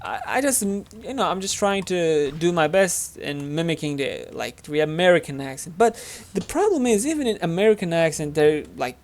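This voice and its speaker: A Turkish man hosting a gaming channel gives rambling, chatty commentary in English with a Turkish accent, packing his talk with fillers as he plays. His voice is a little high and animated, at a moderate pace with hardly any pauses.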